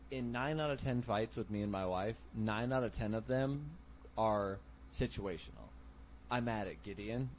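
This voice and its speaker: A man's voice: mid-range voice, slight background noise. A young adult man hosting a casual podcast, talking bluntly with heavy swearing and acting out quoted lines. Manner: blunt, profane, acts out quotes. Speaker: podcast host.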